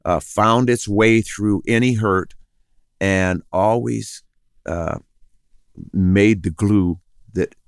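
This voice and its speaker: A man's voice: lowish voice, steady tone, slow pace, pauses often, no echo, clean studio sound. An older man telling personal stories in an interview, rambling with many restarts and acting out the voices of people he quotes. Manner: acts out others' voices in quotes. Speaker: guest. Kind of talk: interview storytelling.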